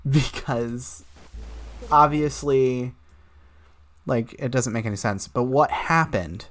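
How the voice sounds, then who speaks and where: A man's voice: medium pitch, slow, a bit bright. Wry young male game streamer. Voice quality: wry, rambling commentary. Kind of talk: casual gameplay commentary.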